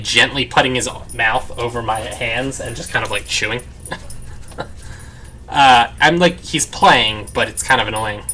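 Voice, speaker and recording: A man's voice: medium pitch, pushed and bright, slight background noise. A man hosting a let's play, chatting casually at his parents' home in a rambling way full of "like" fillers. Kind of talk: casual gameplay commentary. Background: dogs barking nearby.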